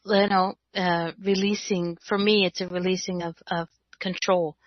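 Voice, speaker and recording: A woman's voice: fairly low pitch, flat delivery, moderate pace, no echo. Woman host, chatty and rambling, dry muffled call audio. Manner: chatty, filler-heavy. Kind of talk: casual panel chat. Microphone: video call. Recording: dull online call audio.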